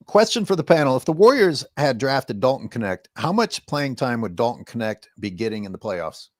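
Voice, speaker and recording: A man's voice: mid-range voice, very animated, moderate pace. A man hosting a casual sports panel, posing questions and reading chat comments with a wry tone.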